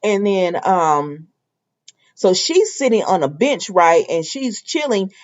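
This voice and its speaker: A woman's voice: fairly low pitch, very animated, slow pace. A woman casually recapping a soap opera episode, retelling scenes in quoted dialogue with her own asides. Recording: dull lo-fi sound.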